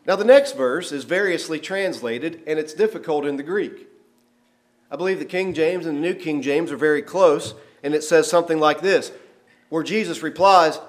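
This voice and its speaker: A middle-aged man preaching a sermon, telling a quiet family story and then slowing down and growing loud on quoted verses. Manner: swings from soft, low storytelling to loud, slowed-down emphasis on quoted verses. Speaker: pastor.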